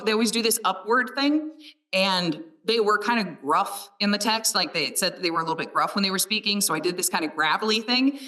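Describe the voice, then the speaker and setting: A woman's voice: mid-range voice, brisk, bright, forceful tone, distant mic. A woman who narrates audiobooks talking casually and enthusiastically, often laughing. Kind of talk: casual conversation.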